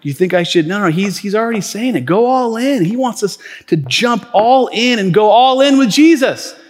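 A male pastor preaching a sermon in a reverberant church auditorium. His voice sits fairly high, and he talks in a loose, storytelling way with plenty of fillers and restarts. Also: lively intonation, moderate pace. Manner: conversational storytelling with many fillers.

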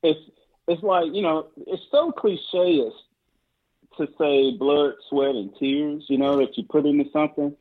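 Homme husky sur une ligne téléphonique grésillante. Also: male voice, a little slow. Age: 40s. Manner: excited, stammering restarts, voice climbing high when emotional. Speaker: guest. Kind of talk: casual storytelling. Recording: tinny phone line.

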